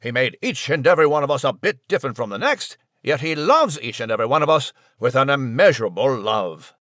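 A man's voice: medium pitch, very animated, fast talker, fairly bright tone, no echo, clean studio sound. Man playing Max, a fussy genteel mouse. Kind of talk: comedic podcast banter.

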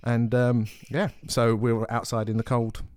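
A man's voice: mid-range voice, flat delivery, normal speed, a little mellow, clear, resonant tone, no room sound. Rambling man telling a story. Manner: rambling storyteller with many restarts and laughs. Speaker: podcast co-host. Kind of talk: casual chat.

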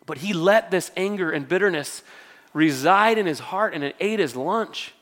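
A man's voice: sits high, animated, moderate pace, a bit bright. A male worship pastor preaching to a church congregation in a conversational, storytelling way with self-deprecating humor. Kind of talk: sermon.

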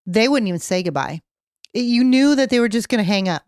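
A woman's voice: fairly high pitch, animated, fast, darkish tone, clear, resonant tone, dry recording, clean studio sound. A woman co-hosting a casual chat, chiming in with laughs and blunt quips. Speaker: co-host.

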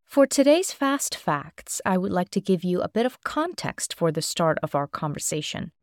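A woman hosting a podcast and giving a scripted introduction in a steady, friendly read. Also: on the low side, moderate pace, no echo. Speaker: podcast host. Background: faint music.

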